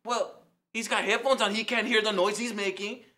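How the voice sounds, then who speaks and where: A man voicing a loud, brash Mexican taco-shop character with a Mexican accent, ranting through a rambling comic monologue. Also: high-pitched, steady tone, moderate pace. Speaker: comedy character host.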